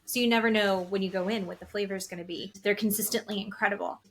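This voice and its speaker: A woman's voice: mid-range voice, steady tone, fast, fairly bright tone. A woman co-hosting a podcast in casual chat, telling blunt, opinionated stories. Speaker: podcast co-host.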